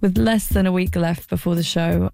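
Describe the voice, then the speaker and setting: A woman giving a scripted documentary voice-over in a measured, reflective and wry manner. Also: on the low side, fairly even intonation, creaky, darkish tone, faint music behind. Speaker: documentary narrator.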